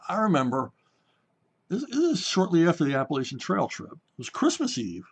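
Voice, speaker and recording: A comic book writer from Pennsylvania, telling anecdotes in a casual talk show and briefly acting out the people in them. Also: male voice, a little high, brisk, husky. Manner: animated anecdotes, voices the people in his stories. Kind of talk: casual storytelling.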